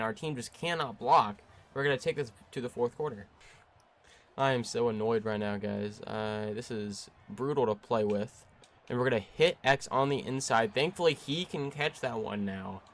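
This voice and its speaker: A young man giving play-by-play commentary over his own video game, jumping between excited bursts and frustrated, flat stretches. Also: medium pitch. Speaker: gaming YouTuber.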